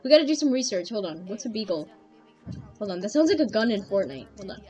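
A young woman streaming a game, chatting to her viewers in a loose, excitable way, laughing often. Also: medium pitch, quick pace, lo-fi sound, faint music behind. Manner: excitable, laughing, addresses chat. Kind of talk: casual game commentary.

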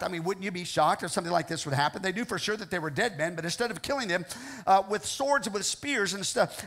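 High-voiced preaching man, earnest. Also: fairly bright tone. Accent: Ohio, American Midwest. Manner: earnest, repetitive preaching with frequent "okay?" check-ins. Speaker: pastor. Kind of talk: sermon. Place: church sanctuary.

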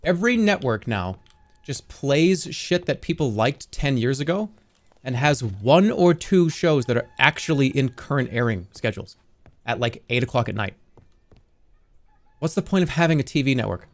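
Animated, rambling male streamer. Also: mid-range voice, moderate pace. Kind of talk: live gameplay commentary.

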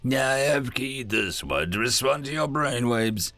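A man's voice: medium pitch, lively intonation, unhurried, pushed and bright, no room sound, faint music behind. A man voicing a polite, nervous male alien speaking through a translator, formal and hesitant.

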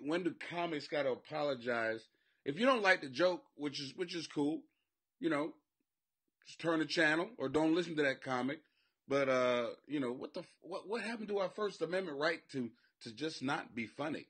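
A man with a mid-range, slightly bright voice and a breathy edge hosts a comedy podcast from his basement. The host and comic delivers a loose, profane monologue, rambling, cursing, and cracking himself up.

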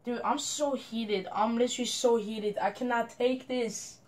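A woman's voice: fairly high pitch, steady tone, unhurried, darkish tone. A young woman commenting on her gameplay, frustrated and complaining at a teammate. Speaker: gamer.

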